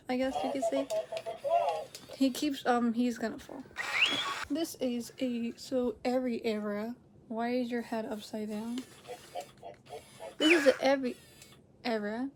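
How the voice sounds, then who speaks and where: Hosting a reaction video at home, a woman talks casually to camera in a voice on the high side; the recording is very noisy. Her talk rambles, she corrects herself, laughs often, and veers between loud excited bursts and quiet near-whispers.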